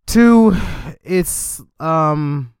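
A man chatting as a podcast host, relaxed and thinking aloud. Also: fairly high pitch, extremely slow, clear, resonant tone, dry recording, clean studio sound. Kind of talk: casual interview chat.

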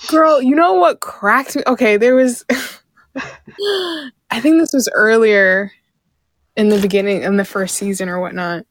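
Animated laughing woman, high voice. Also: unhurried, no room sound, studio quality. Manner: animated, swears, laughs a lot. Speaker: podcast co-host. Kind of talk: casual chat.

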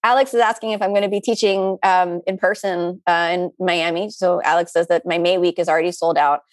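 A woman's voice: lowish voice, fairly quick, no echo. Chatty woman yoga teacher, dry sound. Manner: chatty, animated, with playful asides. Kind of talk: live online class Q&A.

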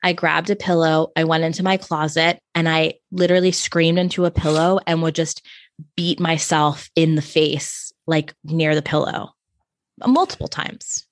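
A woman's voice: low-pitched, flat delivery, normal speed, no echo. A woman in her thirties co-hosting a podcast, casually retelling a movie plot with wry asides. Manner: wry, self-mocking, summarizes plots. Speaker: podcast co-host. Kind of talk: casual chat.

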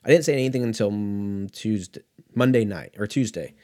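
A man's voice: fairly low pitch, a little fast, dark tone. A man from California hosting a casual storytelling monologue, talking in a profane, rambling way and drifting off on tangents. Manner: profane, rambling, easily sidetracked. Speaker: host.

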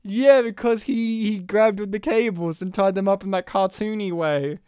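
A man, casually recapping a film on a podcast, animated and swearing often. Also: sits high, normal speed, smooth, dry recording, clean studio sound. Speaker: podcast co-host. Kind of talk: casual movie recap chat.

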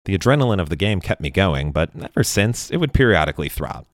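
A man narrating a first-person story in a wry, deadpan way. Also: sits low, fast talker, no room sound, clean studio sound.

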